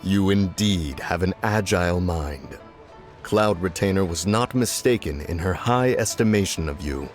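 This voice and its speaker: A deep, stately mountain spirit. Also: male voice. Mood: approving. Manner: measured, formal archaic speech. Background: music.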